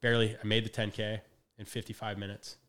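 Fast-talking man telling a story. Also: lowish voice. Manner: animated storyteller, acts out quotes, laughs often. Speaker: guest. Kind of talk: casual podcast conversation.

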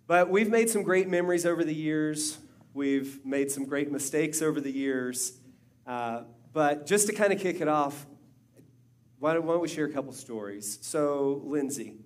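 A middle-aged man talks easily at a church gathering and trades stories with his daughters. His speech is relaxed and chatty, full of small restarts. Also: medium pitch.

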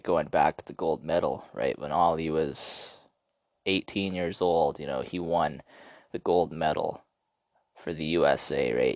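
A man hosting a podcast, telling stories in a rambling, profane, excitable way. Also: very deep voice, dry recording. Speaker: podcast host. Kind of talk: casual podcast storytelling.

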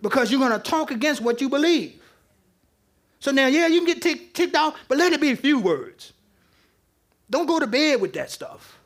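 A man preaching a lively, conversational sermon to a congregation, joking with the crowd as he teaches. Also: extremely high pitch, moderate pace, pauses often. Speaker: pastor. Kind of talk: interactive sermon. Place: church with live congregation.

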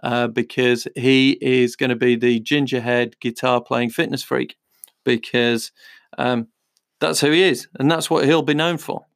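Chatty gravelly-voiced man. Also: mid-range voice, fairly even intonation, unhurried, no room sound, studio quality. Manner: chatty, rambling with fillers, reads blurbs aloud. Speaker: podcast host. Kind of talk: casual book-recommendation talk.

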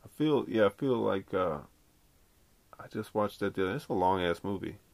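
A man's voice: on the low side, expressive, normal speed, gravelly, a little mellow, no room sound. A man hosting a podcast on his own, talking in a loose, rambling way and swearing freely. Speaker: podcast host. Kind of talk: casual solo podcast chat.

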